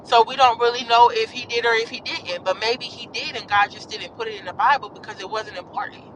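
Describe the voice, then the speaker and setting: A woman's voice: on the high side, fairly quick, a bit bright, a little hiss or hum, rough recording. A woman vlogger sharing an earnest, encouraging faith message in a rambling, casual way while riding in a car. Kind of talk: casual devotional talk to viewers. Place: in a moving car.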